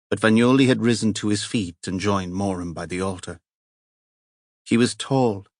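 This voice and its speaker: A man's voice: fairly low pitch, dry recording. Man reading a novel aloud in a dry voice. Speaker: audiobook narrator. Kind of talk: scripted narration.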